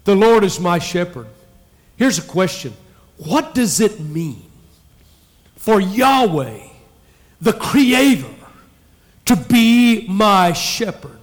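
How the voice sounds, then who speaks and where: A male pastor preaching a sermon in a church, emphatic with dramatic pauses. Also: high-pitched, lively intonation. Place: church sanctuary.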